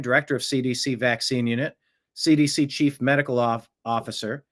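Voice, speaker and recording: A man's voice: mid-range voice, a bit bright. Combative man hosting political commentary. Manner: combative, sarcastic. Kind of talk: livestream reaction commentary.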